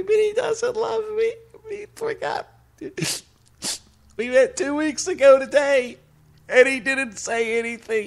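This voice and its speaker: A man voicing a lovesick young girlfriend in a whimpering, plaintive high falsetto. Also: gravelly.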